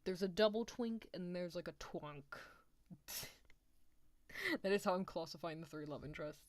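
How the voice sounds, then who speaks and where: A young British woman streaming a visual novel, chatting playfully, laughing a lot and reading story passages in a hushed voice. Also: lowish voice, normal speed, dry recording. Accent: British English. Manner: giggly, playful, reads narration in a hushed voice. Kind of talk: casual let's-play chat and reading aloud.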